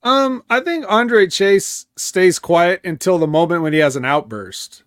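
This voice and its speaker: A man hosting a casual wrestling review podcast, walking through matches in a hesitant, stop-start way. His voice sits a little high. The recording is dry and close. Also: lively intonation, a little slow, fairly bright tone, no room sound. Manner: hesitant, many ums, recapping. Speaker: podcast host.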